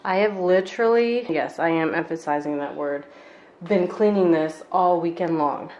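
A woman's voice: low voice, steady tone, normal speed, darkish tone, muffled recording. A woman vlogger chatting casually and wryly from her home kitchen about her errands and chores. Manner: chatty, wry and exasperated. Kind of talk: casual vlog chat.

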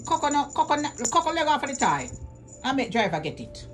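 A woman's voice: sits high, big pitch swings, fast, soft background music. A woman, vlogging as she coaxes her cats to play in a sing-song, repetitive way. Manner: coaxing, sing-song, repeats commands. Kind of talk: casual talk to her cats.

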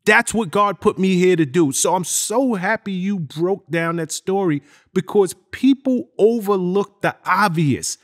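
A man hosts an interview and speaks straight to the listeners with earnest emphasis. His voice sits high for a man. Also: unhurried, few pauses. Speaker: interview host. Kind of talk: reflective interview commentary.

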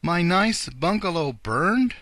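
A kindly old rabbit gentleman from a storybook, polite and a little fretful, as a man puts him on. He speaks in a raised, raspy voice with a bright, gravelly edge and lively swings of pitch. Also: unhurried, no room sound, full character voice. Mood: dismayed. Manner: polite, old-fashioned and earnest.

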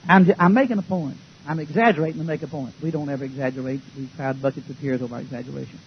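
A man preaching a fiery sermon to a church congregation, folksy and joking, sometimes shouting. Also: a little high, fairly even intonation, racing, highs cut off, slight background noise.

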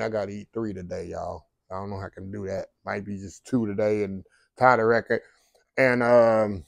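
A man's voice: medium pitch, no echo, low-quality recording. A man, vlogging casually aboard a cruise ship in a folksy, chatty way and talking straight to his viewers. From Texas. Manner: folksy, chatty, keeps addressing viewers as "y'all". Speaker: food vlogger. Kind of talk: casual vlog narration. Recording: busy crowd noise behind. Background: crowd chatter.

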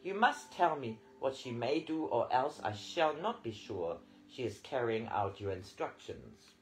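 A man voicing a gallant young male Highland laird who talks with stiff, flustered politeness. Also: expressive, measured pace, faint music behind, poor audio. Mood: flustered formal.

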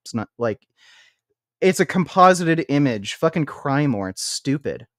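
A man streamer ranting in blunt, profane, scornful tones, with halting restarts when worked up. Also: on the high side, very animated, fairly bright tone, dry recording, clean studio sound. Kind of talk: reaction stream rant.

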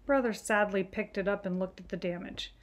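A woman reading a children's book aloud, gentle and clear. Her storytelling is calm and even-paced. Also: mid-range voice, fairly quick. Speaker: storytime reader.

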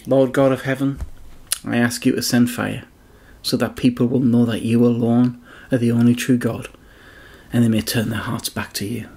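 A man gives voice to a bold male prophet from a storybook, solemn and defiant, with a dry mocking edge. The voice is gravelly and husky, pitched in an ordinary middle range. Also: little pitch movement, normal speed, a little mellow. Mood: pleading.

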